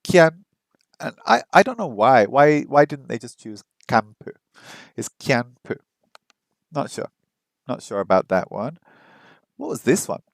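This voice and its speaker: A man's voice: medium pitch, sing-song, creaky, no echo. Chatty man thinking aloud, dry close sound. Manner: chatty, thinks aloud, sounds out foreign words slowly and repeats them. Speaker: live streamer learning Japanese. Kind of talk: casual chat while studying on a language app.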